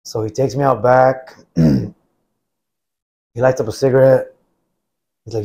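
A man's voice: medium pitch, moderate pace, pauses often. A man in his forties from the United States, a military veteran guest telling his story casually, with many "like" fillers. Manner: relaxed and rambling, many "like" fillers, acts out others' quotes.

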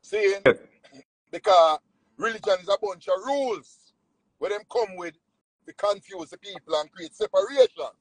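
A Jamaican man, a nutritionist, telling spiritual stories in a casual, preachy, animated way. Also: creaky, dry recording, rough recording. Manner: animated, preachy, swings pitch widely.

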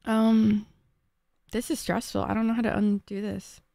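A woman's voice: mid-range voice, little pitch movement, moderate pace, vocal fry, dark tone, no room sound, studio quality. A woman streamer chatting to her viewers, flustered and swearing often. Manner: flustered, swearing, talks to chat. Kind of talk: casual live-stream chat.

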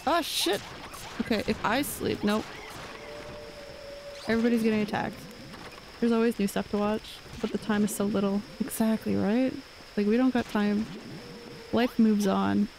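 A woman's voice: on the high side, moderate pace, gravelly, pauses often, background noise. A young woman streamer chatting casually while she plays, rambling with lots of fillers. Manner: rambling, filler-heavy chat. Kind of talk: casual gameplay chat.

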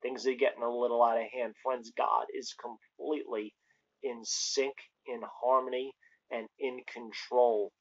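A man's voice: medium pitch, level tone, measured pace. A man preaching online in a casual way, with joking asides between fervent exclamations and scripture readings. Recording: dull lo-fi recording.

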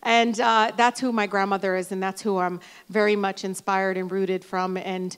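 A woman in her forties from Detroit tells family stories from a convention stage, her speech rising to loud, emphatic peaks. Her voice is smooth and resonant, with a mid-range pitch. A long reverb from a large hall trails behind her words. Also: level tone, moderate pace. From Detroit, Michigan. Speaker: congresswoman giving a convention speech.

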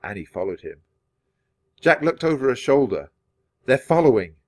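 A man reading a children's chapter book aloud in a clear, steady storytelling manner. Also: medium pitch, moderate pace, dry recording, clean studio sound. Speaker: storybook reader.

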